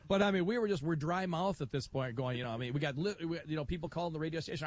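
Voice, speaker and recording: A middle-aged man hosting a live radio talk show, telling stories in a lively way and acting out other people's voices. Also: a little high, rapid-fire, few pauses, no room sound. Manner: animated storyteller, acts out voices. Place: outdoor broadcast booth at a county fair.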